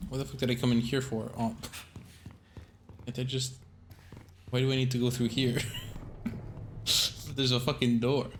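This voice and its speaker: A man's voice: mid-range voice, level tone, a little slow, pauses often, slight background noise. A man streaming a horror game, chatting casually and joking, with a rambling, swearing way of talking. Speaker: streamer, sound designer. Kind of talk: casual gameplay commentary.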